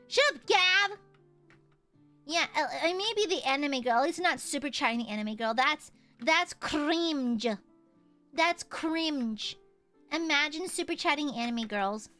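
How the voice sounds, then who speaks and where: A woman's voice: sits high, fairly bright tone. A woman streamer chatting casually while gaming, playful and boastful, swearing freely and laughing often.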